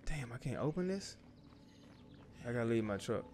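A young man talks his way through a survival game, swearing freely and muttering at the screen. His pitch sits in the middle of the male range. Game noise runs clearly behind him. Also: expressive, moderate pace, darkish tone. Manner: loose, profane, talks to himself and the game. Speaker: gaming YouTuber. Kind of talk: casual gameplay commentary.

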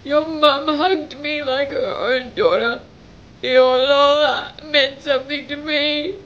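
A woman's voice: high-pitched, slow pace, fairly bright tone, dull audio. A young woman vlogger making an emotional message to camera, pleading and tearful, her voice breaking as she cries at times. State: crying at times.

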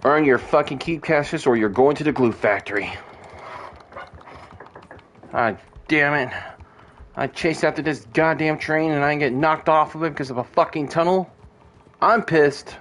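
A man's voice: fairly high pitch, moderate pace, long pauses, fairly bright tone, a little hiss or hum. A man streaming a western video game, talking to the characters and swearing as he grumbles at the action. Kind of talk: casual gameplay commentary.

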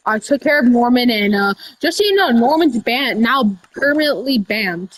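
A woman doing casual game role-play over voice chat, rambling with restarts and breaking into sudden high shouts. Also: lively intonation, normal speed, rough recording. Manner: rambling, with many restarts and y'all. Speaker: roleplayer running a candy store character.

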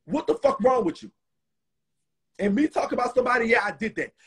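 A man hosting a casual live stream, a little drunk, talking in a profane, rambling, animated way, with a rough, hoarse voice and a Southern US accent. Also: very high-pitched, fast. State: tipsy. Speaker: host.

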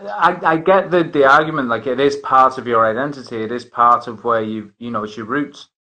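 A man's voice: mid-range voice, fairly quick, sharp tone, rough recording. A man hosting a casual chat, rambling with many restarts and fillers. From northern England. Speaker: host.

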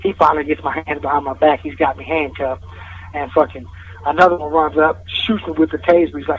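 A man's voice: on the high side, little pitch movement, brisk. A man calling in from jail, rambling through a story in casual street slang with heavy swearing. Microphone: phone call. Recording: distant, noisy phone line from jail.

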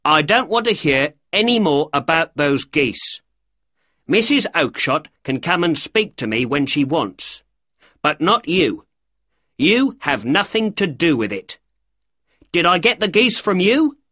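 A man voicing an angry male shopkeeper in a storybook reading, gruff and shouting. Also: medium pitch, wildly swooping pitch, slow, long pauses, no echo, clean studio sound, heavily acted.

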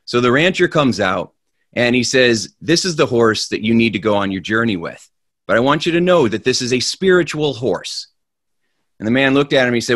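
A man giving a motivational talk, telling a joke with lively energy before moving into a calm explanation. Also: fairly quick, no room sound. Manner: animated storyteller, grows loud and high in the punchline. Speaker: motivational speaker.

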